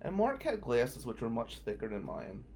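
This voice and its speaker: A man hosting a show, telling a personal story in a casual monologue, animated and swinging from loud outbursts to low mutters. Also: normal speed, a little hiss or hum.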